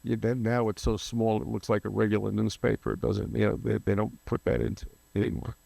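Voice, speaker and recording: A man's voice: fairly low pitch, flat delivery, a little fast, vocal fry, warm tone, slightly rough, dry recording. An older man, a photographer guest, telling long rambling anecdotes in an interview, often losing names and restarting.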